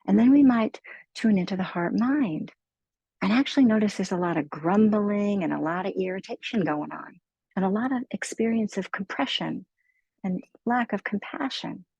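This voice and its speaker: A woman meditation teacher giving a slow, gentle guided mindfulness talk in a soothing manner. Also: medium pitch, gravelly, slightly rough, no echo, low-quality recording.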